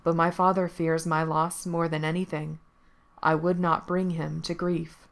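A woman's voice: sits low, little pitch movement, measured pace, vocal fry. A woman doing a grave, dutiful young prince. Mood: earnest. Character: grave, kind young prince, burdened by duty.

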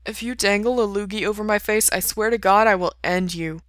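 A woman voicing a gentle, easygoing young man who speaks plainly. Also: mid-range voice, fairly even intonation, fairly quick, no echo, clean studio sound, close to an everyday voice. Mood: grumpy.

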